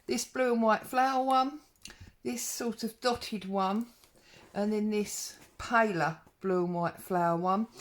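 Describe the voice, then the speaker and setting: A woman hosting a casual show-and-tell craft vlog from home, chatting straight to viewers with ums and asides. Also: medium pitch. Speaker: craft vlogger host.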